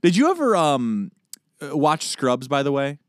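A man's voice: on the high side, dry recording, studio quality. Chatty man co-hosting a podcast. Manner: animated, quick asides and jokey remarks. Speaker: podcast co-host. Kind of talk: casual chat.

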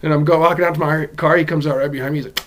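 A young man from Southern California, co-hosting a podcast and telling stories in casual chat, animated and profane. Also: a little high, very fast. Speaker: podcast co-host.

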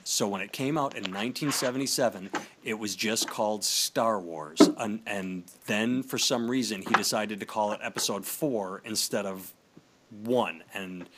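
A man hosting a casual podcast in a somewhat low voice. He chats easily and slips in dry sarcasm. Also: moderate pace, noisy background. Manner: reads aloud, then chats with dry sarcasm. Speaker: podcast host.

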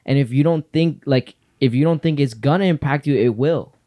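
A man's voice: medium pitch, a little fast, dark tone. A male podcast host in casual faith talk, speaking earnestly about God in a preachy way.

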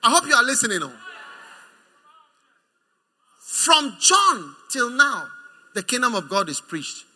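A man with a Ghanaian accent preaching a sermon, animated, teasing and emphatic. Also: extremely high pitch, slow, long pauses. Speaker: pastor.

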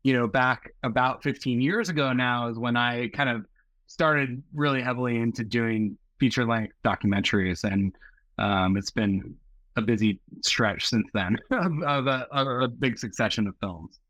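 A man's voice: medium pitch, normal speed, dry recording. A man in his forties from Seattle, talking casually and at length as a filmmaker guest in an interview, with many fillers. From Seattle, USA. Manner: rambling, filler-heavy, relaxed. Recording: muffled lo-fi audio.

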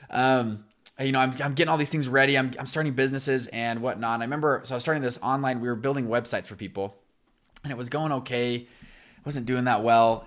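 A young man in his twenties hosting a podcast, telling a story in a casual, rambling way with a raspy, scratchy throat. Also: mid-range voice. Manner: animated, rambling storyteller with restarts. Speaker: podcast host.

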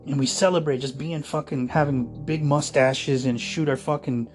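A man's voice: mid-range voice, a little fast, few pauses, darkish tone, faint music behind. A man from the United States in a casual ranting monologue, profane, sarcastic and combative.

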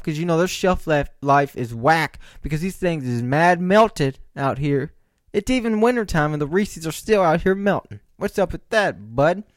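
Animated young man rambling on a podcast. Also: on the high side, no echo, studio quality. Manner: rambling storyteller with joking asides to listeners. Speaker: podcast host. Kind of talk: casual comedic podcast monologue.

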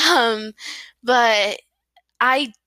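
A woman's voice: on the high side, extremely slow, pushed and bright, no echo, low-quality recording. A woman chatting casually about a book chapter, rambling, correcting herself and giggling often. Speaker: book reviewer. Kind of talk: casual book review chat.

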